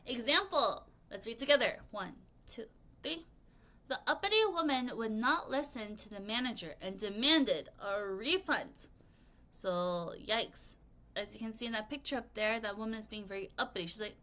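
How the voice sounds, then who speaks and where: A woman teaching English vocabulary in a lesson video, with a bright, clear voice pitched a little high. She keeps the delivery playful and expressive and has learners repeat each word back to her. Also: unhurried. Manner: playful, expressive, leads choral repetition.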